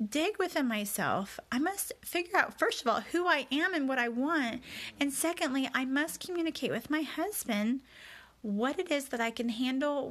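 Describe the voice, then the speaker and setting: A woman's voice: sits high, a bit bright. A woman telling a personal story in a candid, confessional, reflective way as a podcast host.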